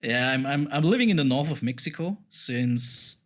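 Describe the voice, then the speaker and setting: A man's voice: mid-range voice, lively intonation, normal speed. A man from Germany with a German accent, a friendly, polite guest on a gaming podcast.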